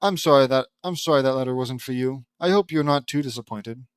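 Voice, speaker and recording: A man's voice: mid-range voice, a little fast, clear, resonant tone, no room sound, natural voice. A man voicing a swooning, romantic middle-aged mother in a fan-fiction audiobook, reading her lines in a gushing, fond manner.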